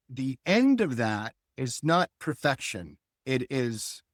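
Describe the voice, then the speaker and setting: An older man and guest cartoonist, talking in a reflective, philosophical way and telling animated stories in a relaxed interview. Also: mid-range voice, takes it slowly, hardly any pauses, no echo, clean studio sound. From Hull, Massachusetts.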